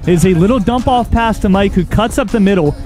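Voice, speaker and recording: High-voiced young man doing commentary. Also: fast, music in the background. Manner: playful commentary that builds to excited calls. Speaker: play-by-play commentator. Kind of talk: sports play-by-play commentary.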